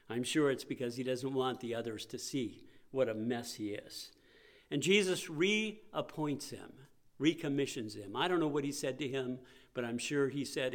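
A male pastor preaching a sermon in a conversational way, acting out the voices he quotes. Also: on the high side.

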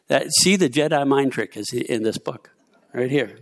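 A man's voice: medium pitch, moderate pace. A man preaching as a pastor, speaking casually with fillers and asides between scripture readings. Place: church.

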